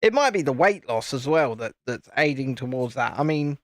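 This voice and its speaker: A man's voice: mid-range voice, expressive, moderate pace, no echo, clean studio sound. Chatty man on a live stream. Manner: chatty, teasing, self-deprecating. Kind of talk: casual live-stream chat while building.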